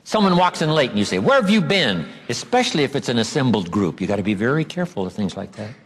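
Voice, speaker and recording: A man giving a motivational seminar lecture, emphatic and drawing out key words slowly. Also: lowish voice, big pitch swings, slightly rough. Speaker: seminar speaker. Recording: long hall reverb.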